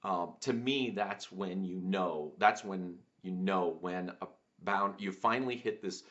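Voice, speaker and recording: A man, a podcast host, telling a personal story in a reflective way, halting with many fillers and restarts. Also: sits low, fairly bright tone. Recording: dull lo-fi sound.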